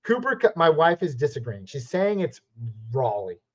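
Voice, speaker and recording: A man from the West Coast hosting a live Q&A stream, chatty and upbeat, giving quick verdicts on viewer questions. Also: fairly high pitch, sing-song. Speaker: fantasy football live stream host. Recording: slightly muffled lo-fi stream audio.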